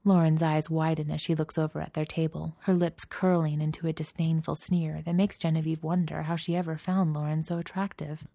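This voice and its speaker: A woman's voice: deep voice, level tone, brisk, vocal fry, hardly any pauses, warm tone, dry recording. A woman narrating a story aloud, lifting her voice slightly for the characters' lines. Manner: reads dialogue in lightly raised voices. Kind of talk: audiobook narration.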